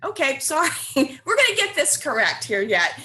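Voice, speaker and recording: A woman's voice: high voice, big pitch swings, moderate pace, bright, forceful tone. A woman curriculum coach introducing herself lightly over a video call.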